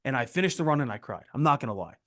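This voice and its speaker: A young man hosting a casual interview, excitable, swearing freely and jumping in often. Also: mid-range voice, very fast. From Philadelphia area. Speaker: podcast host.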